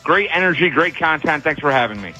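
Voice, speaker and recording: A man's voice: on the high side, expressive, fairly quick, over music, rough recording. A man calling in to play a radio game show, upbeat and eager. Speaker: caller. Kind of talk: phone-in game contestant.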